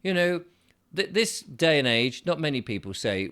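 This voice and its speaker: A man's voice: medium pitch, lively intonation, fairly quick, a bit bright. A man, hosting his own channel in a casual, upbeat monologue and acting out little voices. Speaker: channel host.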